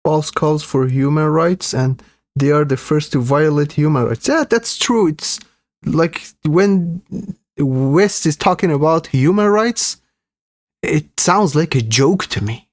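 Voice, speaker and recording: A man's voice: on the high side, slow, no echo, studio quality. A man hosting a live reaction stream, commenting earnestly and indignantly to his viewers.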